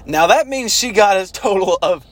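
A man casually telling stories from basic training, animated and swearing, now and then shouting out quoted orders. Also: high-pitched, normal speed. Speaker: former army recruit telling stories. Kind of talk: casual storytelling chat.

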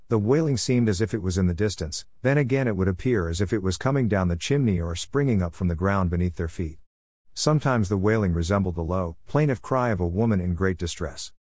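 A man reading a ghost story aloud in a measured, solemn narration style. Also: on the low side, a little mellow, no room sound. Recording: dry close recording.

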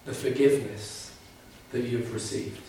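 A man's voice: medium pitch, fairly even intonation, normal speed, noisy background. A man preaching a sermon, earnest and emphatic, driving home key phrases by repeating them. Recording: very echoey room, mic at a distance.

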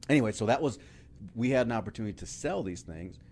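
A middle-aged man telling his story as a podcast guest, animated, laughing often and swearing casually. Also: medium pitch, fast talker.

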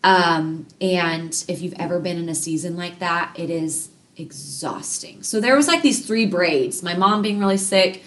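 A woman in her thirties talks candidly as an interview guest, with a somewhat low but bright, forceful voice. She is earnest and heartfelt, sometimes dropping soft and sometimes lifting into lively bursts. Her voice sits a little back from the microphone. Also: a little slow, few pauses, recorded from a distance. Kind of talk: candid personal storytelling.

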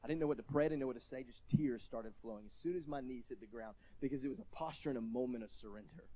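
A man delivering a sermon in a mellow, warm voice. He talks conversationally, tells stories with self-deprecating asides, and rises to loud shouts at the emotional peaks. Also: medium pitch, quick pace. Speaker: pastor.

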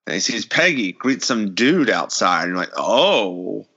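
A man in a casual podcast chat, retelling a horror episode with animated storytelling and acting out the characters' lines. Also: fairly low pitch, normal speed, dull audio.

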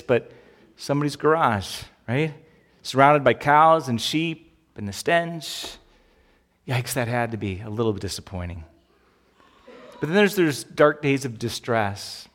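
A man preaching a sermon in an easy, conversational way. His pitch sits in a typical middle range. He keeps things lively and often stops to ask the crowd questions. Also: long reverb tail. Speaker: pastor.

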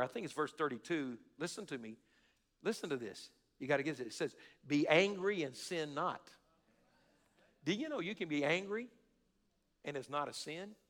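Male pastor, bright forceful voice, preaching in a reverberant church hall, shouts then hushed prayer. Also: mid-range voice. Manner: impassioned preaching, swings from shouting to quiet confiding prayer. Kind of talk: sermon.

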